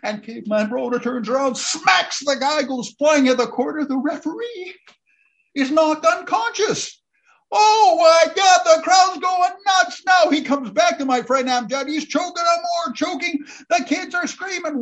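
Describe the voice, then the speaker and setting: A man telling a lively personal anecdote, building up to excited shouting at its peak. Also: very high voice, moderate pace. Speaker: storyteller.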